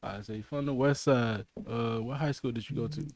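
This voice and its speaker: A man hosting a podcast, asking his guest questions in a relaxed, slangy way. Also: medium pitch, brisk, a crowd in the background. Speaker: podcast host. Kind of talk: casual podcast chat.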